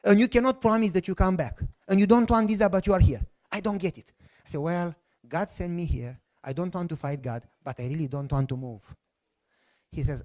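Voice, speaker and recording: Pastor guy, pretty high voice, tells his story big and plays out every back and forth. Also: fairly quick, a little mellow. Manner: dramatic storytelling, acts out both sides of dialogues. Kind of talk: sermon storytelling.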